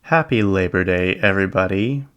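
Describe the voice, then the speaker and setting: A man's voice: low voice, moderate pace, a bit bright. A young adult man hosting a solo podcast, chatting casually and rambling with lots of filler words and small laughs. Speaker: podcast host.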